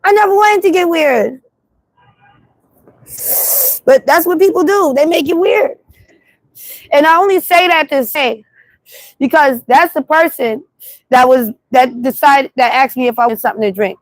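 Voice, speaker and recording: Blunt, high-voiced New York woman ranting. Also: measured pace, pauses often, dry recording. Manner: animated, blunt, repetitive storytelling. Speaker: livestream host. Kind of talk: casual livestream monologue. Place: city street at night.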